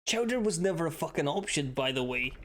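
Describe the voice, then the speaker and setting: A man's voice: a little high, lively intonation, brisk, fairly bright tone. Man chatting on a stream. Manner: swears freely, banters with chat. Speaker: livestreamer. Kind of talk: casual gaming stream chat.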